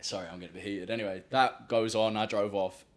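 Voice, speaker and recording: A man's voice: lowish voice, fairly even intonation, fast talker. A young man telling a story on a podcast, slangy and full of swearing. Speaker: podcast host. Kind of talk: casual storytelling.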